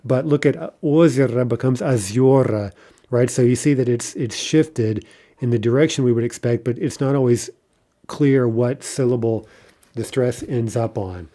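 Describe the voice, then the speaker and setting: With a warm tone and medium pitch, this man explains a language lesson patiently. He pauses on fillers and frequently checks in with "right?"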